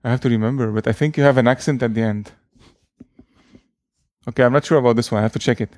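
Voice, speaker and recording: A man's voice: mid-range voice, fairly even intonation, quick pace, a little mellow, no echo. Hesitant man explaining, dry sound. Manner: hesitant, many fillers and restarts. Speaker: language teacher. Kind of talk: casual explaining.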